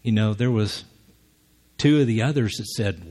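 A man's voice: fairly low pitch, lively intonation, moderate pace, darkish tone, husky. A man preaching a conversational sermon who acts out the lines he quotes.

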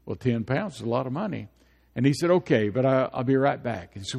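A man's voice: mid-range voice, animated, a little fast, gravelly, darkish tone. Preaching man in an echoing hall. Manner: repetitive preaching with rhetorical questions. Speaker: pastor. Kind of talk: sermon.

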